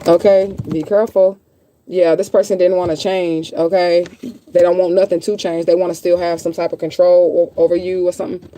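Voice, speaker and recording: Woman, tarot reader, casual stream chat, blunt and profane, mellow dark tone. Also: on the low side, flat delivery, a little fast, slight background noise.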